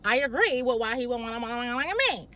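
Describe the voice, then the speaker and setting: Woman, vlogger, high bright voice, brash and profane, candid storytelling. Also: quick pace, a little hiss or hum. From Chicago. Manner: blunt, profane, animated.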